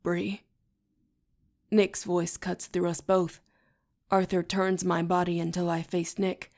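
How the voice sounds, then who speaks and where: A woman narrating an audiobook in the first person with a steady, even reading. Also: fairly low pitch, vocal fry. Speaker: audiobook reader.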